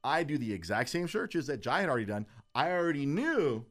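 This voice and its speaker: A man hosting a radio show, telling a workplace story in a lively, animated way and acting out the dialogue. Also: brisk. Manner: lively, acts out dialogue with big pitch jumps.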